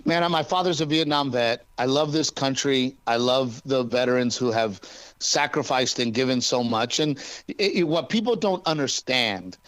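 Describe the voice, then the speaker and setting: A male stand-up comedian from Texas, chatting casually and joking in an interview, with quick restarts. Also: medium pitch, a bit bright, no room sound.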